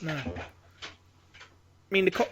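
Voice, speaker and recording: A man on a gaming podcast panel, quick and jokey, who swears freely. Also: on the high side, very animated, a bit bright, a little hiss or hum. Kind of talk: casual podcast chat.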